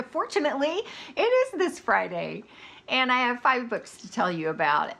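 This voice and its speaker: An American woman in her twenties or thirties, chatting candidly in a casual video review of audiobooks. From United States. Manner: chatty, candid, animated pitch swings.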